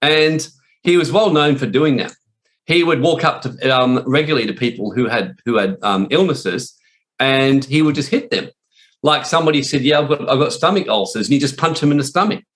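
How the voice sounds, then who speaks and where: A man gives a loose, informal teaching with blunt wording and frequent swearing. He rambles and restarts his sentences as he goes. His voice sits at an average pitch for a man. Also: moderate pace, a bit bright. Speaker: spiritual warfare teacher. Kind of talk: informal preaching talk.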